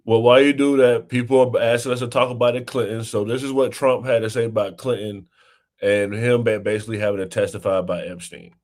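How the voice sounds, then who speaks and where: A man's voice: mid-range voice, fairly even intonation, a little fast, a little mellow. A man hosting a casual political talk show, chatting loosely, introducing clips and asking his co-host questions. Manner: conversational, sets up clips and asks questions.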